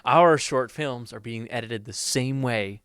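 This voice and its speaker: A young man co-hosting a podcast in casual chat. He retells scenes in an animated way and drops into quick impressions. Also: mid-range voice, clear, resonant tone, no room sound. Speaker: podcast co-host.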